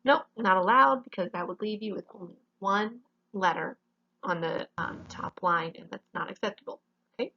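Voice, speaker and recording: A woman's voice: fairly low pitch, fairly even intonation, normal speed, creaky, dull audio. A woman teaching a grammar lesson in a classroom, explaining each rule step by step and often checking with "okay?".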